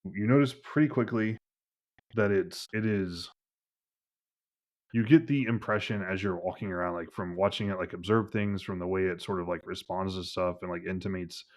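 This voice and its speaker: Low-voiced rambling male game master. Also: steady tone, normal speed. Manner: rambling, heavy on "like" fillers. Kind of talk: narrating a tabletop game.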